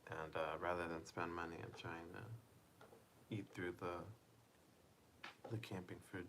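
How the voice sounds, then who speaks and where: A soft-spoken, tired man chats slowly and lazily on a phone livestream from home. His voice sits fairly low, and he keeps it deliberately hushed. A faint hum lingers underneath. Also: steady tone. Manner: laid-back, reads chat aloud and answers viewers. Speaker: livestreamer reading chat. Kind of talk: casual live-stream chat.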